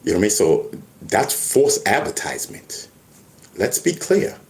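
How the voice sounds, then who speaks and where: A man's voice: fairly low pitch, moderate pace, vocal fry. A man talking casually to camera, stammering and restarting often as he tells stories. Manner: animated storytelling with many restarts and stammers. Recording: echoey room.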